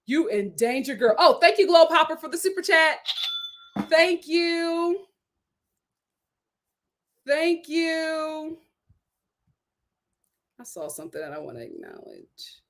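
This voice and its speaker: Brief: high-voiced woman host, lively and dramatic, reacting to reality TV on a live stream. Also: slow pace, pauses often. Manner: animated, dramatic, laughing commentary.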